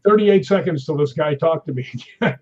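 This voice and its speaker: A middle-aged man spins animated stories as a guest in a relaxed chat. His voice is husky and sits a little high for a man. The sound is dull and lo-fi. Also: a little fast. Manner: animated anecdotal storyteller. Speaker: guest, stuntman. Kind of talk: casual storytelling in conversation.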